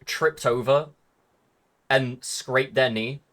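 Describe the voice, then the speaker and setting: A man's voice: medium pitch, slow, fairly bright tone. A young man hosting a stream interview, joking, profane and rambling in casual chat. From Britain. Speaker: stream host.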